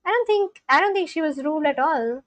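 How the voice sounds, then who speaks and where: A woman's voice: sits high, animated, brisk, fairly bright tone. A young woman livestreamer chatting casually with viewers, talking back to chat with loose, filler-heavy speech. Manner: talks back to chat, scolding and reassuring.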